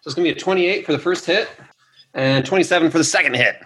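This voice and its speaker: A man's voice: a little high, fast, fairly bright tone, husky. Man, tabletop player, casual, asks questions, calls out rolls.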